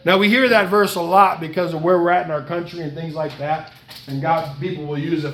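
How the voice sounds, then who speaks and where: A man's voice: fairly high pitch, fairly even intonation, fairly quick, a bit bright, echoey room, a little hiss or hum. A man preaching a sermon, earnest and pleading, reading scripture aloud and dwelling on repeated phrases. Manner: earnest, pleading, reads scripture aloud in old-style wording.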